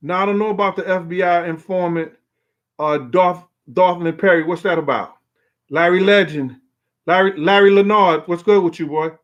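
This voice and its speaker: A man's voice: sits high, normal speed, lo-fi sound. A man hosting a casual call-in talk show, rambling in a streetwise way and often asking "you know what I'm saying". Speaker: show host. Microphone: phone call on air.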